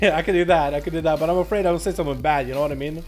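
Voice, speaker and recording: An upbeat American man with a high voice streams live, hosting duels and commenting on the game while chatting with viewers. He talks at a racing pace, energetic and jokey, over soft background music.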